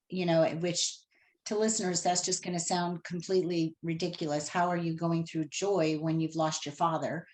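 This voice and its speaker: A middle-aged woman calling in to tell an emotional personal story, animated and acting out the dialogue she recalls. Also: lowish voice. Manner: animated retelling, acts out dialogue. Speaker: caller telling of a reading.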